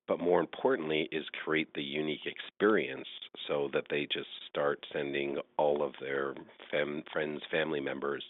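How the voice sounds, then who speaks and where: A man's voice: a bass voice, no room sound. A middle-aged man, a real estate agent hosting an interview and coaching other agents in an earnest, encouraging way over a phone call. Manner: earnest, encouraging, advice-giving. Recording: tinny phone-line audio.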